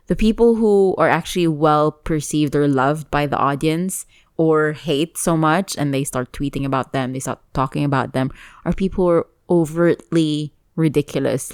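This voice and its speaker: Low-voiced woman chatting on a podcast. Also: normal speed, clean tone, no room sound, studio quality. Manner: chatty, laughs often, animated. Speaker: podcast co-host. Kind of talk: casual chat.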